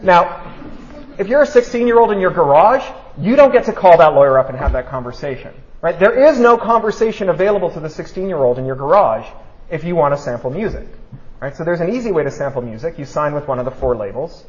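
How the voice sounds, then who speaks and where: A man giving a public talk, fast and animated, who keeps asking his audience "right?". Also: fairly high pitch. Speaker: speaker at a talk. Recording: dull lo-fi recording.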